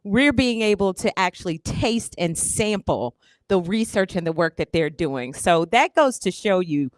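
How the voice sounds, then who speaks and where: Smooth-voiced woman university administrator. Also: fairly low pitch, lively intonation, unhurried, dry recording. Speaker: university vice chancellor. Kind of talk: live panel broadcast.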